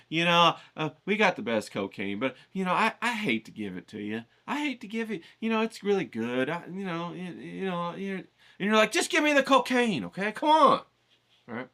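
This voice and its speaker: A man's voice: medium pitch, sharp tone. A man hosting a writing challenge, lecturing casually to camera in a profane, emphatic way, with frequent "okay?" check-ins.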